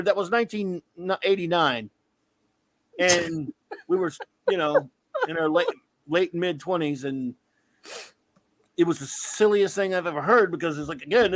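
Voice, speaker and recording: A man in his fifties hosting a casual comics talk stream, an animated storyteller who often breaks into laughter. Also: high voice, no echo. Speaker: comics podcast host. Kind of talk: casual live-stream chat.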